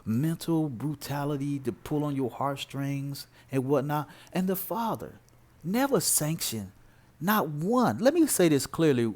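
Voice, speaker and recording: A man preaches informally. His pitch swoops up and down with lively emphasis, and he keeps asking rhetorical questions as he drives his point home. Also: unhurried. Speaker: religious commentator.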